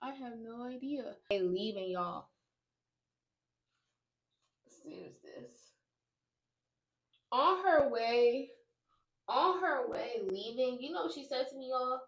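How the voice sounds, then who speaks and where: A young woman vlogger telling an exasperated, animated story to her viewers while doing her makeup. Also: high voice, slow pace, pauses often. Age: young adult.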